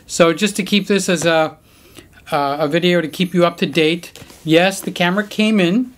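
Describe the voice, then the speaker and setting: A man's voice: sits high, moderate pace. Chatty joking middle-aged man vlogging. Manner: chatty and joking, talks to his pets. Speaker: camera vlogger. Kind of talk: casual unboxing vlog. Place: home room decorated for Christmas.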